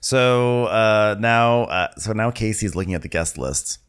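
A man's voice: lowish voice, measured pace, smooth. A man co-hosting a comedic recap, rambling with hesitations and jokes. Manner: rambling, hesitant with fillers, animated. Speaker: podcast co-host.

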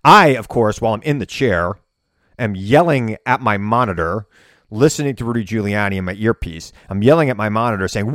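A man hosting his own podcast, telling a story in a casual, animated way, sometimes yelling for effect. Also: on the low side, quick pace, dry recording, studio quality. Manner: animated storytelling, bursts of yelling when reenacting. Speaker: podcast host and political commentator. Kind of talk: casual solo podcast monologue. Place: home basement studio.

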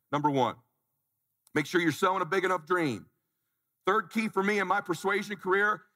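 A man's voice: sits high, bright, forceful tone, in a large hall. A man in his forties giving a live motivational talk, blunt and challenging, calling on the crowd to answer him. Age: 40s. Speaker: motivational speaker. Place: conference stage before an audience.

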